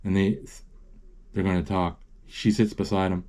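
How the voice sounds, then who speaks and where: A man casually retelling a film as he watches it, halting often with restarts and fillers. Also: sits low, level tone, dark tone. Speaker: amateur narrator retelling a film.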